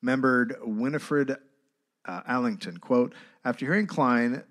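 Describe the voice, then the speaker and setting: A man's voice: mid-range voice, a little slow, fairly bright tone. A man co-hosting a live comedy podcast, reading old letters and history aloud and sometimes laughing. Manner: reads documents aloud, often breaking into laughter. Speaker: podcast co-host reading the story.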